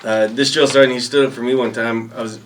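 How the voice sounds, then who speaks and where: A man's voice: medium pitch, steady tone, quick pace, distant mic, a little hiss or hum. A man guest telling casual stories, rambling and laid-back. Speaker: podcast guest. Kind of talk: casual storytelling. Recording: voice a bit off-mic.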